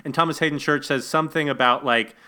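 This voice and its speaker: A man co-hosting a casual movie-review podcast, animated and indignant, with many stumbling restarts. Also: on the high side, quick pace, clean tone. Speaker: podcast co-host.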